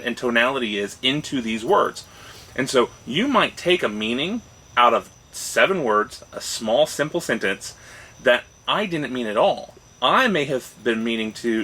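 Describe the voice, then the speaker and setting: A male podcast co-host with a medium-pitched, sharp-toned voice speaks thoughtfully on a casual discussion show. He tends to restart phrases and checks in with a rising "right?" now and then. The recording is rough.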